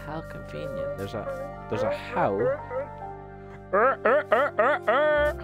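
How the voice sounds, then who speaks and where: A man streaming a game with a friend in easy, unhurried casual chat. His pitch swings widely as he jokes, sings bits of songs and laughs. Game music plays clearly underneath his voice. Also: wildly swooping pitch. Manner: joking, breaks into singing and laughter.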